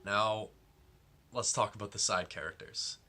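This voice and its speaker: A man's voice: lowish voice, fairly even intonation, unhurried, bright, forceful tone. A young man giving a casual, rambling film review, full of fillers and exasperation.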